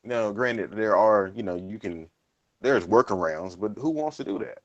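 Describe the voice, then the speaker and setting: Brief: man, gaming podcast co-host, lowish voice, laid-back and chatty. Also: normal speed, dull audio. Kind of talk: casual gaming podcast chat.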